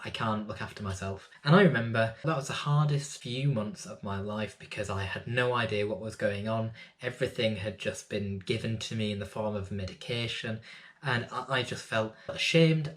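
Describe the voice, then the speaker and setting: Earnest young man, low voice. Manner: earnest, thoughtful and candid. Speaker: poet explaining his own work. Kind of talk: reflective personal vlog.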